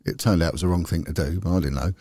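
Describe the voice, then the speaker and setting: A man's voice: deep voice, fairly even intonation, racing, warm tone, dry recording, clean studio sound. A middle-aged man, a podcast guest and former police detective, telling rambling, candid stories in casual chat. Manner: candid, rambling, chatty with frequent restarts. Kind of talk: casual anecdotal storytelling.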